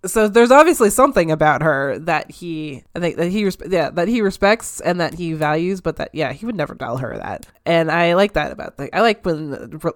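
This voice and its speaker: A woman's voice: lowish voice, lively intonation, a little fast, few pauses, no echo, studio quality. A woman casually discussing a film with a co-host, chatty and giggly, with many restarts. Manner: chatty, laughs often, trailing restarts. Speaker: podcast co-host.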